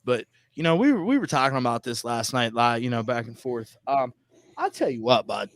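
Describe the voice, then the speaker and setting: A man's voice: mid-range voice, very animated, a little fast, no room sound. A man co-hosting a casual wrestling podcast, teasing and blunt, swearing freely. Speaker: podcast co-host.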